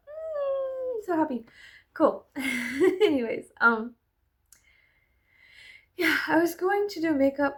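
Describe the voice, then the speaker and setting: A young woman talks straight to her viewers in a loose, rambling vlog, laughing easily and swearing without a second thought. Her voice sits a little high and carries a gravelly, fry-laden edge. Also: sing-song, slow, pauses often. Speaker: vlogger. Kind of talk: casual chatty vlog.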